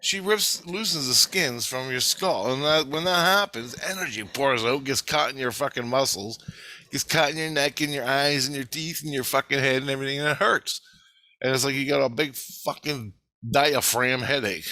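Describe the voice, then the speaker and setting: A man's voice: medium pitch, moderate pace, sharp tone, no echo. A middle-aged man in an agitated, rambling vlog monologue, swearing heavily.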